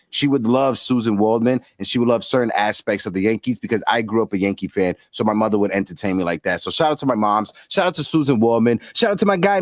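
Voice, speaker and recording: Animated man hosting a sports stream. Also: mid-range voice, no echo, studio quality. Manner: animated, shouting out viewers, blunt slang. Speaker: host. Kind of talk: casual livestream chat.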